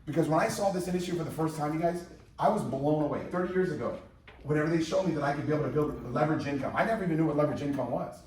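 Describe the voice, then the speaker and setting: A man in his fifties giving an energetic, repetitive motivational sales presentation to a live audience in a large room, rallying the crowd. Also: on the high side, very fast. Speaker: company presenter. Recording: very echoey hall, mic far off.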